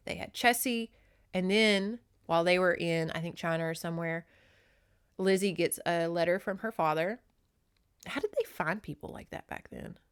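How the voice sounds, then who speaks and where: Woman podcast host, casual book recap, bright tone, animated, acts out characters, close mic. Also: lowish voice. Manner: animated, acts out characters in put-on voices, laughs often. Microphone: close desk microphone.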